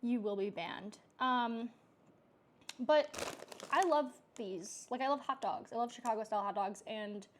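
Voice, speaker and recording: A woman's voice: on the high side, a little slow, slight background noise. A young woman vlogging in a chatty, rambling way, full of filler words. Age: young adult. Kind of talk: casual vlog chat.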